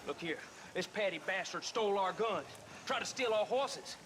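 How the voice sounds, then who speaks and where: A man's voice: high-pitched, lively intonation, normal speed, background noise. An actor playing a menacing outlaw gunman with a threatening, mocking delivery.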